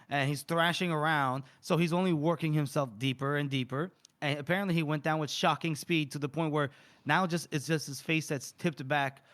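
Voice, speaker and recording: A man co-hosting a podcast, recapping a book chapter in a casual, chatty way. He laughs often and jumps into quick raised voices for the characters. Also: fairly high pitch, a bit bright, smooth. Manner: laughs often while retelling scenes. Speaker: podcast co-host.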